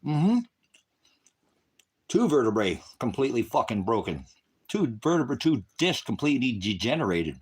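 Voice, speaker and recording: A man's voice: mid-range voice, very animated, normal speed, long pauses, darkish tone, breathy edge. A man ranting angrily on a livestream, taunting and cursing at viewers in a combative, profane way, partly outdoors on his farm and speaking into a phone camera. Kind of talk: angry livestream rant at chat.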